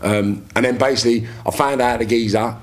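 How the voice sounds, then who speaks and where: Man telling rough stories. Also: medium pitch, fairly even intonation, a little fast. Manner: rambling, coarse street slang, many restarts. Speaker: podcast guest. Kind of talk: casual storytelling.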